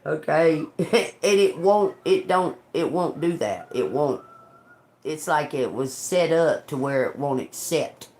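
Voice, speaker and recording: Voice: mid-range voice, expressive, slow pace, a little mellow. Swearing, laughing livestream host. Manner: rambling, laughing, heavy swearing. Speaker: tarot reader livestream host. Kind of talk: casual livestream chat.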